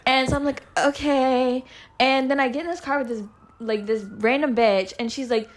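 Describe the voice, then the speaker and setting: A woman's voice: high voice, steady tone, normal speed, a little hiss or hum. A young woman in casual chat, telling a profane story and acting out what others said. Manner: profane, acts out quoted lines.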